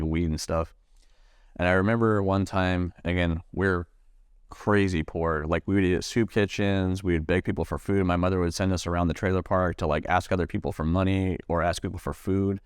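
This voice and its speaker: A man from Nebraska, a Marine veteran, telling his own story in an interview, halting with many fillers and restarts and swearing freely. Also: low-pitched, clear, resonant tone, no room sound, clean studio sound. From Nebraska, USA.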